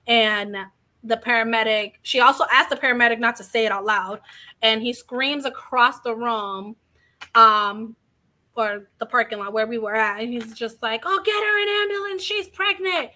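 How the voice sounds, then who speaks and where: A young woman with a bright, fairly high voice tells her own story as an interview guest. She rambles openly and slips into quick acted quotes of others, with a touch of asthma cough. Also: fairly even intonation. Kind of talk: candid personal story in an interview.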